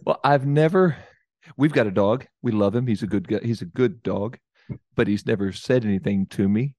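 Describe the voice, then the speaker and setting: A man's voice: fairly low pitch, normal speed, darkish tone, no echo. A man co-hosting a podcast, bantering playfully in casual chat. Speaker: podcast co-host.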